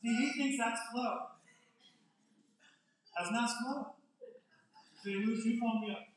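A man's voice: very high voice, slow, slight background noise. An older man, a pastor, giving a conversational, joking sermon and drawing his congregation in. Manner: joking, chatty, draws in the congregation. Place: church sanctuary. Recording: very echoey hall, mic at a distance.

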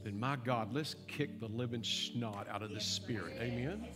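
Speaking at normal speed in a medium-pitched voice, this pastor moves between playful teasing and fervent pleading as he preaches a sermon and gives an altar call. The big church's live music plays behind him, and the hall's long reverb fills the recording.

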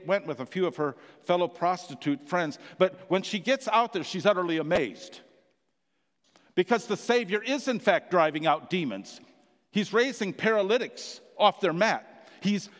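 Male preacher, slow and very animated delivery, long hall reverb. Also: sits high. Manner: impassioned storytelling that swells loud and then sinks near a whisper. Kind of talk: sermon.

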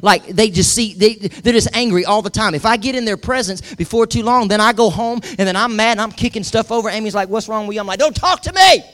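A man's voice: high voice, steady tone, fast talker, few pauses, a bit bright. A middle-aged male pastor preaching a sermon, emphatic and calling on the congregation to repeat after him. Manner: emphatic, calls for congregation responses.

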